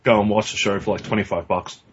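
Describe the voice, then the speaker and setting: A man's voice: on the low side, steady tone, fast, breathy edge. A man co-hosting a podcast in casual chat, blunt and profane, rambling with restarts. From Australia. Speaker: podcast co-host. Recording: dull lo-fi recording.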